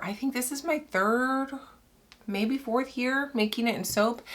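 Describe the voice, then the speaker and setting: A young woman talks easily while she cuts up a batch of soap for her channel, her voice sitting at an ordinary middle pitch. She rambles from one thought to the next and laughs often. She sounds a little out of breath throughout. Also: fairly bright tone. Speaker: soap maker, channel host. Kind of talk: casual chat while cutting soap.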